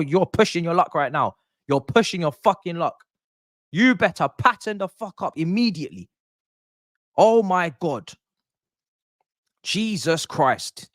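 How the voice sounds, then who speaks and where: A man's voice: mid-range voice, a bit bright, no room sound, clean studio sound. A young man reacting live to a football match on stream, exasperated, swearing and ranting at the players. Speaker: watch-along streamer.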